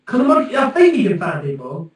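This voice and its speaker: A man's voice: high voice, huge pitch swings, moderate pace. A young man livestreaming, rambling and self-mocking with plenty of swearing. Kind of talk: casual livestream chat. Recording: very echoey room from far off, faint music.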